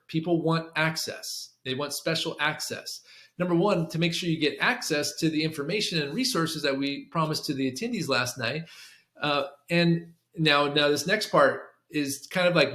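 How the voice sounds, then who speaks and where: A man's voice: a little high, bright, forceful tone, reverberant. A man coaching how to deliver a sales phone script, talking casually, repeating lines and restarting as he explains. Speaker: workshop coach.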